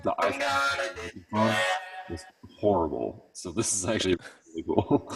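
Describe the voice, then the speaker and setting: A man interviewing a producer, asking curious, halting questions in a casual tone. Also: low-pitched, over loud music.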